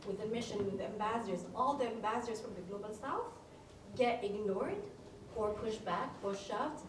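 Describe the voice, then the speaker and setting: A woman in her forties asking a question from the audience, animated and talking in quick bursts. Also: mid-range voice. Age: 40s. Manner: animated, talks in bursts, laughs. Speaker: audience member. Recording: distant in a roomy room with background noise.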